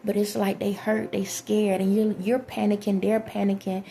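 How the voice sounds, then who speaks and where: Low gravelly woman, flat earnest monologue. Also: moderate pace, a little hiss or hum. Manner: earnest, rambling, addresses viewers directly. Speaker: vlogger. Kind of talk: spiritual monologue to viewers.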